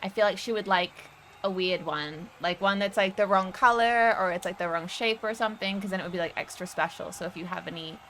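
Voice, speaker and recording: A woman's voice: mid-range voice, brisk, hardly any pauses, a bit bright, slight background noise, poor audio. A woman with an Australian accent playing in a tabletop game, talking hesitantly with many ums and likes. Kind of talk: in-character role-play.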